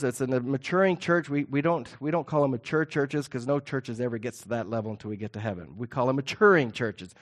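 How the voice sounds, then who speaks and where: A middle-aged man preaches to his congregation with a slightly high voice. He speaks earnestly and with emphasis, drawing out words to stress key points. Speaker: pastor. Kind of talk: sermon.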